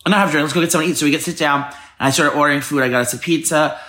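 Fast-talking gossipy man. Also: a little high, sharp tone. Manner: rapid gossipy storytelling, acts out quotes. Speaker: podcast co-host. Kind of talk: casual chat, storytelling.

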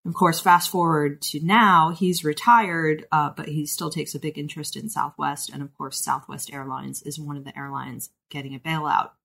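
A woman's voice: sits low, steady tone, moderate pace, gravelly, few pauses, pushed and bright. A woman co-hosting an interview, asking questions in a personal, conversational way. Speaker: co-host.

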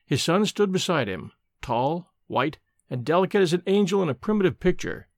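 A man's voice: on the high side, big pitch swings, normal speed, dry recording. A man narrating a gothic ghost story aloud, reading expressively and dramatically.

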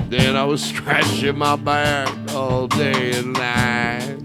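Rambling, profane comedy podcast host. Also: male voice, mid-range voice, steady tone, slow pace, over loud music. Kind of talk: improvised comedy banter.

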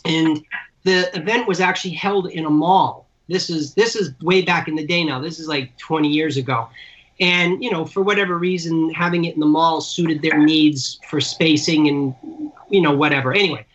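A man's voice: on the high side, fairly even intonation, normal speed, a bit bright. A man who manages celebrities, telling long rambling anecdotes in casual conversation over a remote call. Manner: chatty, rambling anecdotes with restarts. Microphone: remote call audio. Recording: dull lo-fi call audio.

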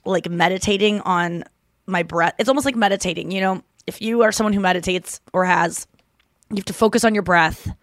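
A woman's voice: mid-range voice, dry recording, studio quality. A woman hosting a podcast in casual chat, rambling and chatty, swearing freely. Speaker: podcast host.

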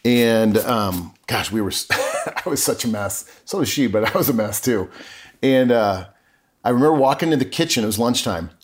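A man's voice: medium pitch, lively intonation, moderate pace. A middle-aged man, a podcast guest, telling his life story in an earnest, emotional way and often correcting himself mid-sentence. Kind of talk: candid personal storytelling.

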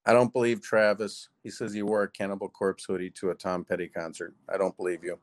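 A man's voice: low-pitched, little pitch movement, brisk. A man co-hosting a casual show, teasing and offhand, unsure of his facts. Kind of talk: casual chat.

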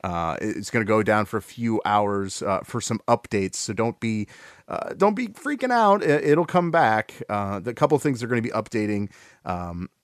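A man hosting a casual gaming podcast, talking in a relaxed way with lots of fillers and restarts. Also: on the low side, moderate pace, no room sound, studio quality. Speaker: podcast host.

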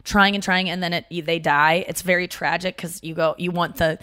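A woman co-hosting a podcast in casual chat, chatty with quick asides and playful impressions. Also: on the low side, steady tone, sharp tone, clear, resonant tone, dry recording, studio quality. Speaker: podcast co-host.

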